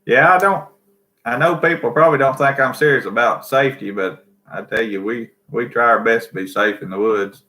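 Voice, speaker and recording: Southern guy reading the live chat, bright voice, laid back. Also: medium pitch, a little fast. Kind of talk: casual chat.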